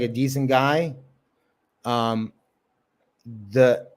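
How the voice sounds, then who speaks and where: A man's voice: medium pitch, a little mellow. Man, open mic comic, casual livestream host, rambling, cursing, lots of fillers. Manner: rambling, profane, filler-heavy.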